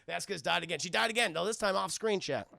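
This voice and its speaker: A man's voice: high-pitched, quick pace, gravelly, pushed and bright, no room sound. A young man streaming a casual, profane, rambling film recap who keeps talking to his chat. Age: young adult.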